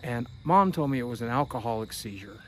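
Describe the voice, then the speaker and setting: A man's voice: mid-range voice, expressive, a little fast, a bit bright, slight background noise. A middle-aged man vlogging a tour of his hometown, telling candid stories in a wry, conversational way. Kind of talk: casual storytelling. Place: outdoors at night.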